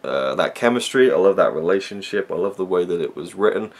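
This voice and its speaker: Low, gravelly man reviewing films. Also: animated, a little fast. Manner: rambling, with many fillers and restarts. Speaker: film reviewer. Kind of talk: casual spoken film review.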